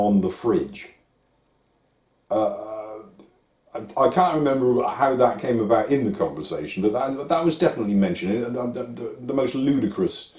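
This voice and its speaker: A man talks slowly and haltingly, stumbling and restarting as he goes. His voice is very deep and dark, with a roomy echo around it. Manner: hesitant, many restarts and fillers. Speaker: vlogger. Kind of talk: reflective talk to camera.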